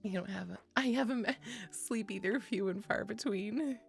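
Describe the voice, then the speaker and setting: A young woman streamer with a gravelly edge to her voice, rambling loosely to her chat. She laughs easily and swears freely. Soft music plays faintly underneath. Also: medium pitch, moderate pace. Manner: chatty, swears freely, laughs often, reads chat aloud. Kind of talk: casual chat with chat.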